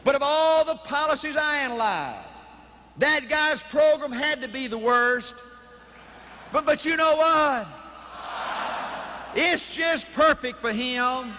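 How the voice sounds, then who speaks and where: High, bright-voiced shouting male speaker. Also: animated, slow, pauses often, long reverb tail, slight background noise. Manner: emphatic, repetitive, bursts of shouting. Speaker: motivational speaker. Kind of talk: high-energy motivational speech.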